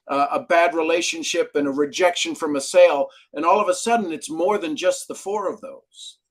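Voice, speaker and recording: Hardly pausing at all, this middle-aged expert guest talks at normal speed in a fairly high voice. In the interview he tells lively stories and acts out the quoted dialogue in them.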